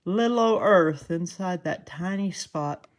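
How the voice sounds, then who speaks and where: A woman with a Southern twang walks her viewers through a live commentary. She talks slowly and unhurriedly, chatty and quick to laugh at herself. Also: lowish voice. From Southern United States. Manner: chatty, laughs often, self-deprecating. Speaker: host.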